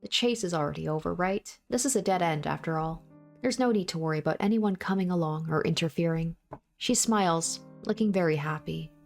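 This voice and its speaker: Lower-voiced woman reading a tense story. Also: brisk, vocal fry, faint music behind. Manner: intense, acts out breathless panting and repeated cries. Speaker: reader of a visual novel. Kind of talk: dramatic first-person story reading with asides.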